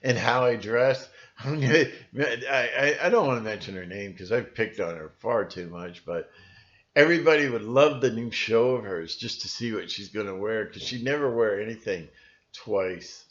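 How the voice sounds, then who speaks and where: Halting man rambling on lo-fi audio. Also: mid-range voice, animated, fairly bright tone. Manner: halting, with many fillers and restarts. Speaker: channel host. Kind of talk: rambling solo monologue. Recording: dull lo-fi recording.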